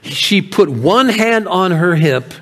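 An actor playing a grieving, proud male shepherd of ancient Bethlehem in a first-person monologue, telling his story with feeling and often dropping to hushed tones. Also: sits high, expressive, takes it slowly, heavily acted. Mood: earnest.

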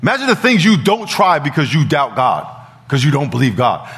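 Animated pastor preaching in an echoing hall. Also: male voice, fairly high pitch, a little fast. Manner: animated, laughing, swings from loud calls to quiet talk. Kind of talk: sermon. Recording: long hall reverb.

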